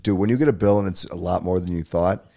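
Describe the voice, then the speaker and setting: A man's voice: sits low, fast, gravelly, dark tone. A man hosting a podcast, teasing his guest in joking, casual banter. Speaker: podcast host. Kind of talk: casual chat.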